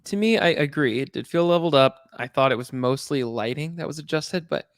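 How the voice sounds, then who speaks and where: Male co-host, loose and rambling, slightly high voice, recorded dry and close. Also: a little fast, no echo. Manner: rambling, hesitant, self-correcting. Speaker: podcast co-host. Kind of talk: casual chat.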